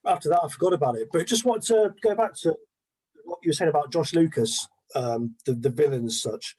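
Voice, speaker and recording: Mellow, husky man. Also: on the high side, animated. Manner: measured, frank, with fillers. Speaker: podcast co-host. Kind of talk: casual film chat.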